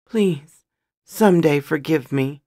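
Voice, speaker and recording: Woman reading as a young male magician, remorseful, soft, gravelly, slow. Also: very deep voice, no echo, studio quality, heavily acted. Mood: apologetic. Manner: soft, apologetic, emotional. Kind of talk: storybook reading of a fantasy romance.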